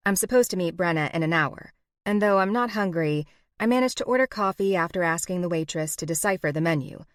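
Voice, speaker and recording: A woman reads a first-person romance audiobook, expressive and wry. Her voice sits on the low side and the sound is dry and close, with no room around it. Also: a little fast, no echo. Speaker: audiobook narrator.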